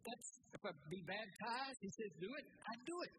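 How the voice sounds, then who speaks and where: A man with a high-pitched voice preaches a sermon as a pastor. He talks earnestly, repeats key phrases and asks the congregation rhetorical questions, with clear noise behind him. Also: expressive, a little fast.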